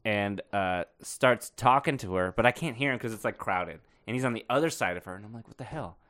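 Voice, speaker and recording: A male podcast co-host chats casually, telling joking stories and laughing often. His voice is on the low side and fairly bright, and he talks a little fast.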